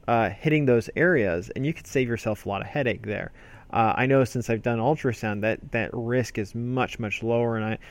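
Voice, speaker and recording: A man's voice: medium pitch, dry recording. A man, an emergency physician, teaching a medical procedure in a conversational, explanatory way. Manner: conversational, explanatory, with fillers and restarts. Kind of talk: spoken medical lesson.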